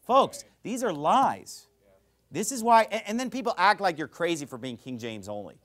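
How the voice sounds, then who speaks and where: A man preaching a sermon as pastor, fiery and emphatic, swinging between loud bursts and quiet asides. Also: high-pitched, big pitch swings, moderate pace.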